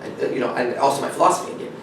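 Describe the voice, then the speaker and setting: A man's voice: mid-range voice, rapid-fire, recorded from a distance, background noise. Echoey, emphatic man telling a story. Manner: acts out dialogue, emphatic, repeats "I said". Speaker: dating coach speaker. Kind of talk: animated storytelling talk. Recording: echoey room, speaker away from the mic.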